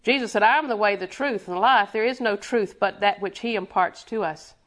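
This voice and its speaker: A woman's voice: mid-range voice, a little fast, fairly bright tone. A woman preaching a sermon with rhythmic repetition, quizzing her congregation and chuckling between points.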